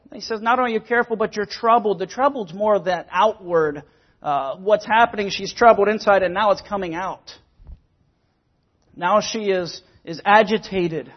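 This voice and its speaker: A man's voice: sits high, muffled recording. A man preaching a sermon, earnest and emphatic, sometimes repeating words as he explains scripture. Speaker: pastor.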